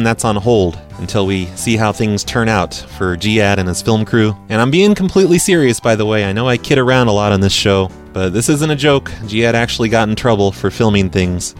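Rambling chatty man hosting a prank-call show. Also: mid-range voice. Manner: rambling, chatty, many fillers. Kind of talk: casual podcast monologue and prank calls.

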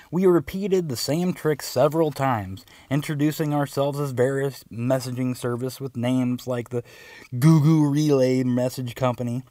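A man's voice: mid-range voice, dark tone, no room sound. A man narrating a personal story in a wry, conversational way.

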